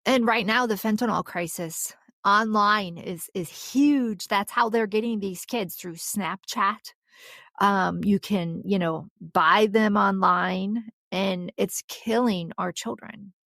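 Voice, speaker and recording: A woman's voice: medium pitch, slow, vocal fry, fairly bright tone, no echo, clean studio sound. A woman host speaking earnestly in a conversational interview. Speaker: podcast host.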